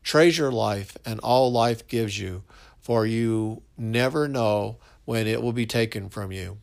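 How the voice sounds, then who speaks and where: A man's voice: fairly low pitch, slow pace, gravelly. A man reading a frail grieving old husband. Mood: sorrowful. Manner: quiet, subdued delivery.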